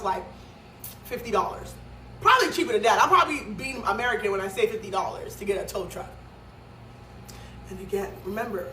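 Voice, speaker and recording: A woman's voice: mid-range voice, bright, forceful tone, a little hiss or hum. A woman from Nigeria telling a story in a vlog, dramatic and emphatic, with many fillers. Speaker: vlogger. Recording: echoey room, mic at a distance.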